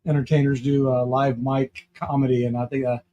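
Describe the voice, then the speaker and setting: A man hosting a podcast in casual chat, halting often and filling gaps with "uh". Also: mid-range voice, little pitch movement, warm tone, dull audio. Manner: halting, many fillers. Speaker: podcast host.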